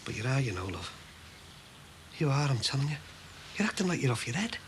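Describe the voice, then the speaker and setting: An actor playing a blunt, sarcastic middle-aged shopkeeper, in a soap opera. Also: male voice, mid-range voice, sing-song, fairly quick, noisy background, natural voice. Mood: heated.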